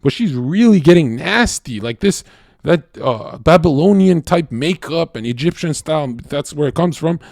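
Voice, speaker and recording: A male livestreamer in a casual monologue. He is blunt, crude and profane, rambling with lots of fillers and swinging between loud bursts and low mutters. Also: animated, normal speed, gravelly, no room sound, clean studio sound.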